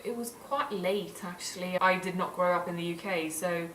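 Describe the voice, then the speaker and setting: A woman's voice: lowish voice, fairly even intonation, moderate pace, fairly bright tone, echoey room, recorded from a distance, slight background noise, rough recording. A young woman from Sweden vlogging in a casual, gushing and earnest way. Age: young adult. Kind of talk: casual vlog talk.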